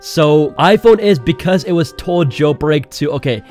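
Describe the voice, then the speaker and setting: An excitable man talks through a casual tech walkthrough, laughing often. His voice sits a little high, with faint music playing underneath. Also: moderate pace. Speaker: tech video host.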